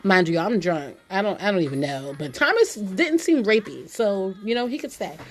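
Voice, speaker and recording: A woman podcast host telling candid stories in casual chat, blunt and animated, with many "like"s. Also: medium pitch, normal speed, faint music behind. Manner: blunt, animated storyteller with frequent "like".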